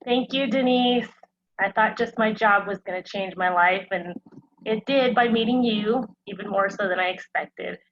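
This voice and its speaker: A woman's voice: medium pitch, moderate pace. A woman yoga graduate giving an earnest, grateful farewell speech over a video call. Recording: lo-fi video call with loud noise.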